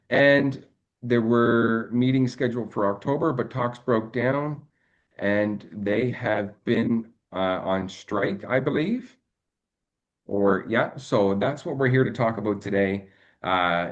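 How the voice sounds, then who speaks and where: A man with a lowish voice hosts a podcast and welcomes his guests. He talks in a friendly, halting way with many fillers, and his audio sounds dull and lo-fi. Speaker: podcast host. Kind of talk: podcast interview.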